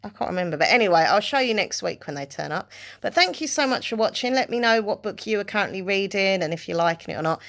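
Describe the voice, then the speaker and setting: A woman's voice: mid-range voice, animated, fast, a bit bright. A woman vlogging in a chatty, rambling way about her reading, with plenty of fillers. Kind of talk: casual chat.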